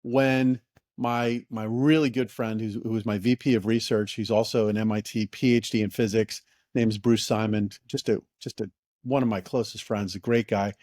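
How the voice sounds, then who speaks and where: A middle-aged man, a company founder and podcast guest, telling stories in an enthusiastic, excitable way with many restarts and fillers. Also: on the low side, normal speed, no room sound, clean studio sound. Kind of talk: casual interview storytelling.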